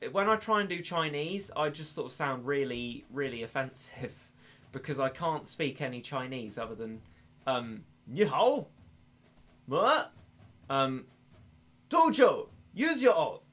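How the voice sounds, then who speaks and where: A man's voice: medium pitch, sharp tone. A young English man streaming a game with casual, rambling, self-deprecating chat and frequent laughs. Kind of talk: casual gaming commentary.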